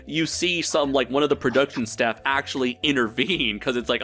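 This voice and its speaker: A man's voice: medium pitch, brisk, hardly any pauses, pushed and bright. A man hosting a podcast in casual chat, laughing often and swearing freely. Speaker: podcast host.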